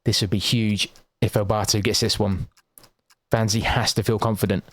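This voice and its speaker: A man giving quick, excitable live play-by-play as a game shoutcaster, with casual asides to his viewers. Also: on the low side, no room sound. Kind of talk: live esports commentary.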